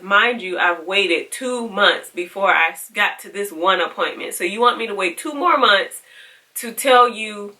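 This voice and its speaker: A woman's voice: medium pitch, unhurried, sharp tone, recorded from a distance. A woman vlogging, frankly and with exasperation retelling a story and quoting the people in it. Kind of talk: casual storytelling to camera.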